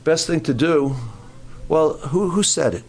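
Older man, sermon, animated, joking asides, higher-pitched voice. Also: a little slow, a little hiss or hum. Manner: animated, jokey preaching with quoted asides. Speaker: camp speaker.

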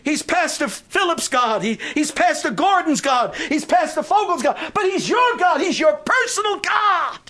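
A man preaching a sermon who swells into shouted, drawn-out proclamations and then sinks to a hushed appeal. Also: extremely high pitch, expressive.

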